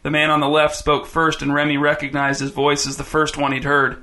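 A man's voice: a little high, monotone, fairly quick, sharp tone. A man reading a story aloud in scripted narration, with a dry, wry delivery.

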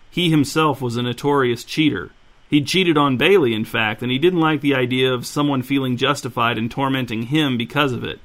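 A man narrating a novel in an even, dry storytelling manner. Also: mid-range voice. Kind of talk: audiobook narration.

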